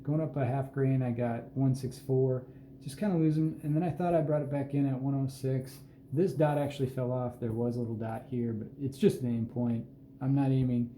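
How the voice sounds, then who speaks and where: Man, host, casual bench walkthrough; very dark, mellow voice; roomy echo, faint background hum. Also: medium pitch, steady tone. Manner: unhurried, plain-spoken, self-deprecating asides. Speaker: host showing his hand loads. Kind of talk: casual hands-on explanation. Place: indoor reloading bench.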